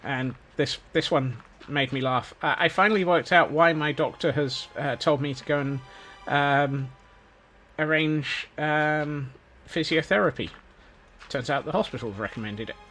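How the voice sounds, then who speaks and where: Streaming a game with faint music behind him, a Scottish man rambles casually and cracks self-mocking jokes. His voice sits on the high side, a little slow, with a sharp tone.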